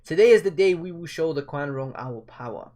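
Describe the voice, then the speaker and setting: A man's voice: a little high, lively intonation, brisk, darkish tone, close to an everyday voice. A man reading as a solemn proud general. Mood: resolute. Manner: solemn, formal, resolute. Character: earnest proud male general rallying troops.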